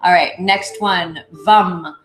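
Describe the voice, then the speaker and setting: A woman leading a yoga class, guiding calmly and chanting short repeated syllables. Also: medium pitch, slow. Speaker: yoga teacher. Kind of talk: guided class instruction with chanting. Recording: roomy echo, faint music behind.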